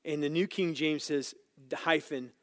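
A man teaching a Bible lesson as a sermon, swinging between loud, emphatic scripture reading and quiet, casual asides to his listeners. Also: on the high side, a little slow, no room sound. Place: church room with small group.

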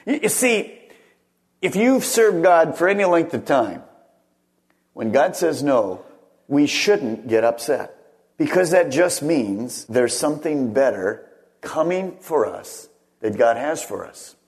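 A middle-aged man, a pastor, preaching a sermon. He swings between raised, emphatic phrases and hushed ones, and puts questions straight to the congregation. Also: mid-range voice, lively intonation, a little slow. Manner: asks the congregation questions directly.

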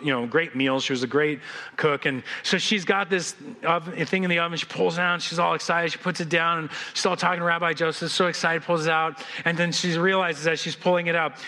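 High, bright-voiced pastor, animated sermon storyteller, trips over and restarts words. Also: male voice.

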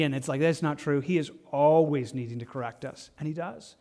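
A man's voice: on the high side, fairly quick, mellow. A man teaching a Bible study as a pastor, talking in a conversational way with frequent restarts.

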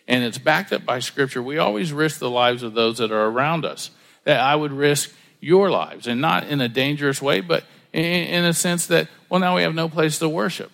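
A man's voice: on the high side, creaky, a bit bright, in a large hall. A middle-aged male pastor preaching in a conversational way, acting out the voices of people he quotes. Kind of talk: sermon.

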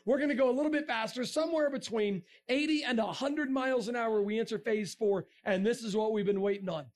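A man giving a jokey, animated talk to an audience, breaking into sudden shouts. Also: very high voice, fairly quick. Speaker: speaker. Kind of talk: comic science-and-faith talk to a crowd.

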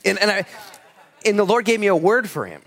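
A man preaching a sermon in church, shifting from loud exclamations to quiet asides and telling stories with humor. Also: sits high, lively intonation, a little fast. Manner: storytelling with humor and laughter. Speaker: pastor.

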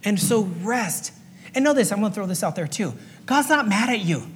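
High-voiced preacher in a reverberant hall. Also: male voice, animated, moderate pace, slight background noise. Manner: earnest, repetitive, acts out little voices for illustration. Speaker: pastor and fire chaplain. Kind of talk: sermon. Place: church sanctuary.

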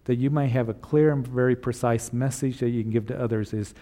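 A man preaching a sermon, reading scripture and retelling it in casual words, then gently encouraging his listeners. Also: mid-range voice, fairly even intonation, brisk, in a large hall. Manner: retells scripture in casual paraphrase with acted voices; earnest, encouraging. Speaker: pastor.

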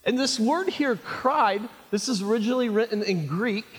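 A male pastor preaching a sermon, animated and jokey, calling his listeners friends. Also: high-pitched, normal speed. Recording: reverberant hall.

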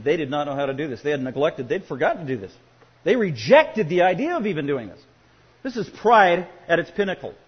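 A male pastor preaching a sermon, swinging from quiet asides to loud emphatic points. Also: a little high, husky, in a large hall, muffled recording.

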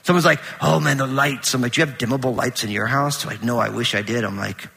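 A middle-aged man preaching a conversational sermon in a large church auditorium, animated and full of anecdotes with quoted dialogue. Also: medium pitch, fast talker, creaky, husky, long reverb tail. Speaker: pastor.

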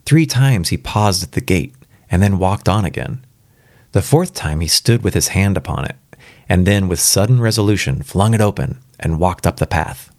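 Deep-voiced man reading a story aloud. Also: animated, moderate pace, a little mellow, dry recording, studio quality. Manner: casual, stops to comment on the text. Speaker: story reader. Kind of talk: live first-time reading with asides.

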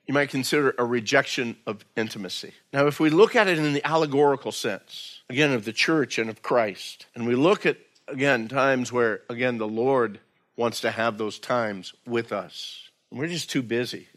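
Man of average pitch preaching in a church, talks to the flock casually and earnestly. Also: normal speed, fairly bright tone. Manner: conversational, earnest preaching with frequent "man" and "again". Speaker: pastor. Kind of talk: expository sermon.

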